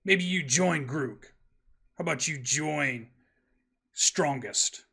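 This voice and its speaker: A man voicing a boastful hulking male stone giant warlord in a gravelly voice with brutish broken grammar. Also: a little high, takes it slowly, sharp tone, full character voice. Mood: gloating. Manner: broken brutish grammar, chest-beating bragging.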